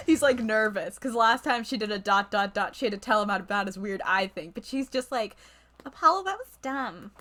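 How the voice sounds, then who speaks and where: A woman's voice: mid-range voice, very animated, normal speed, fairly bright tone, a little hiss or hum. A woman guest chatting casually and laughing a lot while playing a game with a friend. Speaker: guest co-player. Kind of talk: casual let's play chat.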